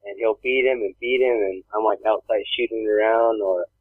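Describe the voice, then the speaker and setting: A man's voice: on the low side, steady tone, normal speed, breathy edge, no echo. A man co-hosting a casual chat, telling rambling stories and acting out other people's voices. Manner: rambling storyteller, acts out voices. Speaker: podcast co-host. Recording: dry, phone-like narrow sound.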